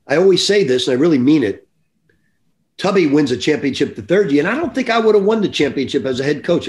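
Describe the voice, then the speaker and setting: A man's voice: fairly high pitch, darkish tone. Older man, earnest reflective coach. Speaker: basketball coach, guest. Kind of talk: podcast interview.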